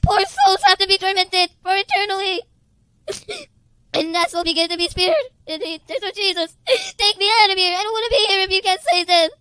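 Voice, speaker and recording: A woman's voice: very high voice, animated, a little fast, pushed and bright, no echo, rough recording. A woman giving an emotional religious testimony, tearful and repetitive, often breaking into crying.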